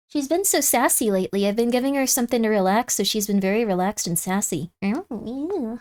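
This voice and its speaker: A woman with a high, light voice chats with her stream viewers and reads their messages aloud. Now and then she goes soft and cooing with her cat. The sound is dry and close, with no room behind it. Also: fairly quick, hardly any pauses, dry recording. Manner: chatty, reads chat aloud, coos softly to her cat. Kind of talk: casual live-stream chat. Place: home room.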